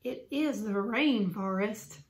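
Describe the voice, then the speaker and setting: A woman voicing an excitable young girl adventurer in a storybook, with loud, high exclamations. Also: slow pace. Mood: chatty. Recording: roomy echo.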